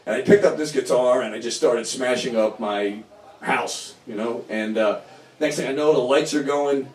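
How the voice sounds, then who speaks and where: A man's voice: normal speed, distant mic. Rambling, profane man telling a story on stage. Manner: profane, rambling, swings from loud animated bursts to low mumbles. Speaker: storyteller at a live storytelling night. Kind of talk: live first-person storytelling. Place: small bar venue with live audience. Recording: echoey room, voice picked up from afar.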